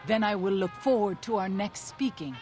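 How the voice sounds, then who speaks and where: An actress playing a quiet, formal, reverent tribal woman in a video game. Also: mid-range voice, moderate pace, soft background music, close to an everyday voice.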